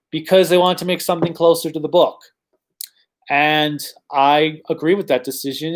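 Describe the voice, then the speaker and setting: Chatty man rambling through a livestream Q&A. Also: on the high side. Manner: chatty, rambling, many ums and self-corrections. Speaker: channel host answering viewer questions. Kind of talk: casual livestream Q&A.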